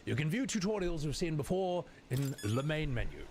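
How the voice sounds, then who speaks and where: A man's voice: fairly high pitch, big pitch swings, moderate pace, noisy background. A man streaming a game, chatting while reading on-screen tips aloud and laughing often. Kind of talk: gameplay livestream commentary.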